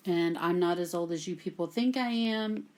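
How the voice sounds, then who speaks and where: This Latin teacher, a Texan woman, speaks in a lowish voice at a moderate pace while going over grammar at the whiteboard. Nearly every point she makes ends with a patient "okay?" to the class.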